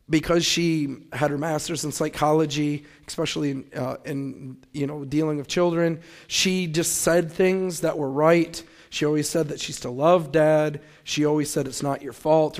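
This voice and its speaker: An earnest young man with a voice pitched a little above the usual, sharing a personal testimony. He speaks in a reflective, sincere way and sometimes pauses to gather his thoughts. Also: a little mellow.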